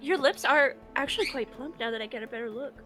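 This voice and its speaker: A woman's voice: high-pitched, fast talker, over music, close to an everyday voice. A woman voicing a vain, catty noblewoman who collects birds, haughty one moment and fawning the next. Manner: haughty, then sniveling and fawning.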